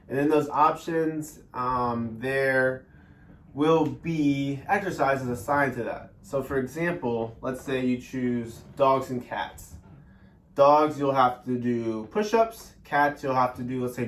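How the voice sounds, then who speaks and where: A man teaching a guided workout lesson, explaining each step with many ums and pauses. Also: medium pitch, far from the mic. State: out of breath during exercise. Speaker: fitness instructor. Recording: echoey room, voice off-mic.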